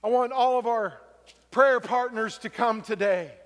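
A man preaching a sermon as pastor, moving from quiet reflection to shouted exhortation, in a church sanctuary. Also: extremely high pitch, measured pace. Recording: long reverb of a large hall.

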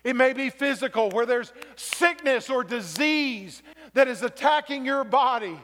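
A man preaching a sermon as pastor, moving from quiet reflection to shouted exhortation, in a church sanctuary. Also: very high voice, lively intonation, a little slow, a little hiss or hum. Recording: long reverb of a large hall.

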